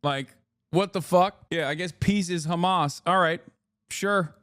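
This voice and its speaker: A man's voice: sits high, measured pace, a bit bright, smooth, no room sound, clean studio sound. A man hosting a livestream, ranting in profane, sarcastic commentary. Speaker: streamer host.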